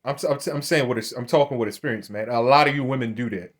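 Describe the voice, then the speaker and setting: A man talking straight at his viewers with blunt, confrontational commentary, at an ordinary middle pitch for a man. He stumbles over words and restarts sentences a lot. He keeps throwing "man" at the end of his lines. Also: quick pace. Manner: repeats words and restarts often; keeps addressing listeners as "man". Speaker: religious commentator. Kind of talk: casual commentary to camera.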